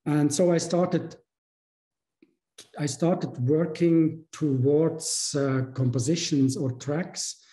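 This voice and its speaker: A man giving a university lecture in a halting way, pausing often on filler sounds while he searches for words. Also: on the high side, mellow, reverberant, low-quality recording. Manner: halting, with frequent filler pauses. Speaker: guest lecturer.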